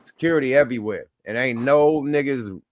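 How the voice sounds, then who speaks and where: A man's voice: medium pitch, brisk, a little mellow, a little hiss or hum. Blunt, profane podcast host man. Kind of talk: casual chat.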